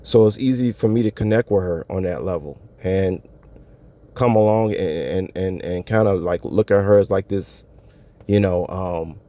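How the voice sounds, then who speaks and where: A vlogger with a low-pitched, dark voice talks to his viewers at a normal speed in a solo monologue. He's laid-back and slangy and often laughs, and the audio is dull and lo-fi.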